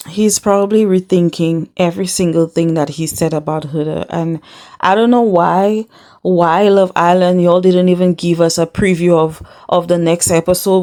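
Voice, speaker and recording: A young woman hosting a casual recap vlog, retelling reality TV drama in a chatty, animated way and acting out quotes. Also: lowish voice.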